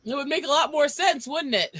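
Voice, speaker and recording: A man's voice: very high voice, fairly quick, bright, forceful tone, no room sound. A man hosting a stream in casual chat, talking freely with swearing and laughs. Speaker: streamer host.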